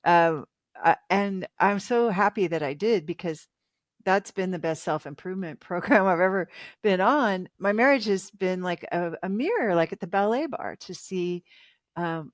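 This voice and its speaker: A woman's voice: lowish voice, no echo, clean studio sound. A woman in her fifties, a relationship author talking as a guest in a casual interview, chatty and reflective and laughing often.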